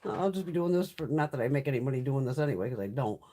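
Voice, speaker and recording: A middle-aged woman chats casually on her live stream, blunt and foul-mouthed and quick to laugh. Her voice is husky, and her pitch swings widely as she talks. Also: animated, dark tone. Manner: chatty and blunt, swears freely, laughs often. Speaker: beauty YouTuber hosting a live stream.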